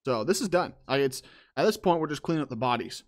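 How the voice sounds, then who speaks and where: A man's voice: medium pitch, fast. A man co-hosting a casual talk show, reading a story aloud and mocking it with laughs. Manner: animated, mocking, laughs often. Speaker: podcast co-host reading a story. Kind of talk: casual commentary on a read-out story.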